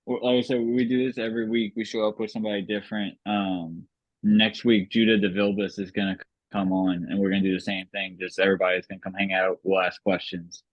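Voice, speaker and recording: A man with a lowish voice hosts a laid-back podcast chat over a call. He jokes easily and leans on filler words. The audio is a bit dull and lo-fi, and very dry. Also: fast talker, dry recording. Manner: relaxed, joking, lots of filler words. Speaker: podcast host. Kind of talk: casual group video-call chat.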